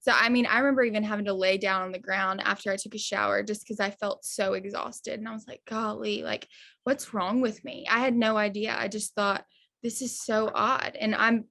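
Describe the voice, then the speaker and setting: A woman's voice: medium pitch, level tone, fairly quick, few pauses, a bit bright. A young woman, earnestly telling her story step by step as a podcast guest. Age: 20s. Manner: earnest, retelling events step by step.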